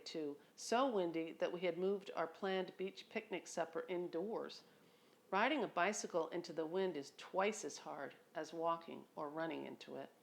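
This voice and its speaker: A woman's voice: on the low side, creaky. A woman reading her own memoir aloud at home, in a reflective, conversational way with a dry humor. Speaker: memoir narrator. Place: home near a beach.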